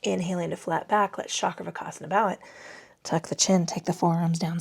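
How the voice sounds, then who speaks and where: Guiding a yoga session, this woman speaks a little fast in a lowish, creaky, slightly rough voice with fairly even intonation. She's out of breath, breathing hard as she chats through the poses, joking at her own expense and swearing casually.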